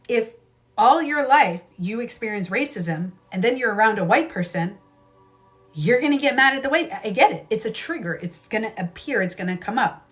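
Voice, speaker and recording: A woman's voice: fairly high pitch, a bit bright. A woman hosting a casual livestream who talks emphatically, repeats her phrases and swears freely. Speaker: livestream host and beauty coach. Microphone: livestream camera mic.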